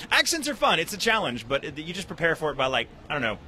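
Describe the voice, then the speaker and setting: A man with a bright, forward voice talks about his voice acting and writing at a convention interview. He is animated and chatty, quick to poke fun at himself and laugh. He tosses out playful asides between his answers. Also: fairly high pitch. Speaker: voice actor and writer. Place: convention venue.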